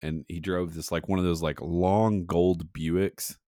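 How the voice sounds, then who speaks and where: A man's voice: low-pitched, level tone, unhurried, warm tone, dry recording, studio quality. A young man co-hosting a podcast, telling rambling funny stories and laughing often. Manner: rambling storyteller, mocks ad voices, laughs often. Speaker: podcast co-host. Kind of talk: casual comedic chat.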